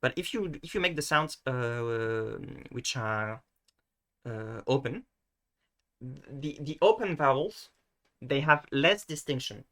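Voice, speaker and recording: A man with a bright, forward voice talks through a casual screen-share lesson. He hesitates often, restarts his sentences and fills the gaps with ums. Now and then he pokes fun at himself. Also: mid-range voice, expressive, takes it slowly. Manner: hesitant, many restarts and fillers; self-mocking. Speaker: video tutor.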